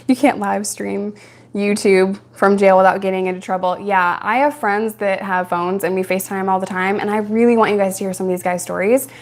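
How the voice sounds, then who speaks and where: A young adult woman from New York hosts a casual live-stream Q&A, answering viewer questions and telling stories frankly with frequent laughs. Her voice is medium-pitched with fairly even intonation and a normal speed.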